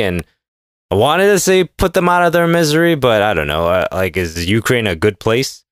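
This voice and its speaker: A man's voice: fairly low pitch, animated, moderate pace, clean tone, no room sound, studio quality. A man hosting his own podcast, rambling in a sarcastic, irreverent solo monologue. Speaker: podcast host.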